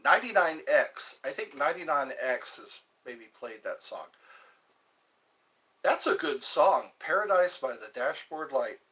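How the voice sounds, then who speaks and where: Bright-voiced, slow-talking joking man. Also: on the high side, expressive. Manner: jokey, laughs often, breaks into song snippets. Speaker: livestream host. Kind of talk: rambling casual chat.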